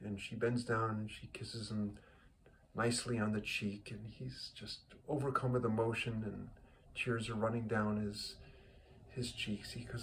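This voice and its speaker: A man's voice: fairly low pitch, little pitch movement, measured pace, fairly bright tone, a little hiss or hum. Rambling man telling a joke. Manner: rambling, repeats words and restarts. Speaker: joke teller, host of a weekly joke.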